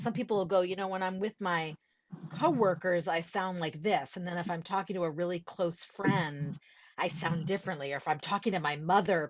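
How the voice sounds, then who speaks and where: A woman's voice: fairly low pitch, muffled recording. A woman voice coach leading a group discussion over a video call, talking in a reflective, explanatory way. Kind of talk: workshop discussion.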